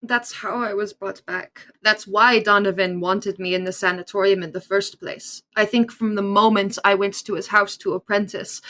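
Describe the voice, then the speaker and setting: A woman player role-playing her character in a tabletop game, emotional and halting. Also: medium pitch, a bit bright.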